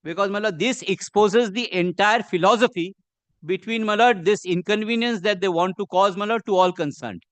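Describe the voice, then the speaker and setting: A man with an Indian English accent, arguing a case before a judge in measured, deferential courtroom speech. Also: high-pitched, no echo. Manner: measured and deferential, says "my lord" constantly. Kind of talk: formal courtroom argument.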